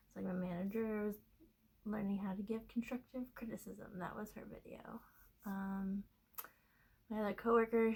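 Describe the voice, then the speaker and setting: A woman's voice: mid-range voice, a little mellow, poor audio. A woman from Kentucky chatting casually on her knitting show, rambling with fillers and laughing as she talks. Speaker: knitting podcaster. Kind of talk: casual chat.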